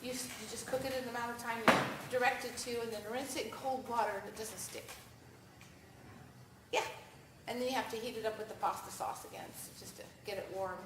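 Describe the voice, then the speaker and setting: A woman giving a lively live talk and answering audience questions, speaking conversationally to the crowd. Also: on the high side, fairly quick. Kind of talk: live presentation with Q&A. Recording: echoey room, mic far off, faint noise.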